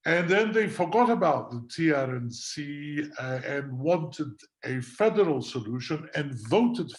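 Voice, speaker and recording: A man speaking as a guest lawyer on a webinar panel over a video call, measured and arguing point by point with frequent fillers. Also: on the high side.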